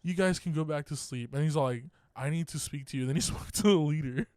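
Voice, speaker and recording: A young man co-hosting a podcast, recounting a story in loose, casual talk. His voice sits a bit high and sounds dry and close. He laughs often, swears freely and acts out the lines of the people in his story. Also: fast talker, darkish tone, no echo. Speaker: podcast co-host.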